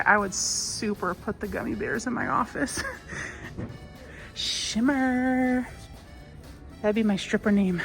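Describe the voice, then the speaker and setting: A woman vlogging casually while she walks through a craft store on her phone, chatty and a little wistful, with soft laughs now and then. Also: medium pitch. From United States. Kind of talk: casual shopping vlog chat. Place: inside a large craft store. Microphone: phone held while walking.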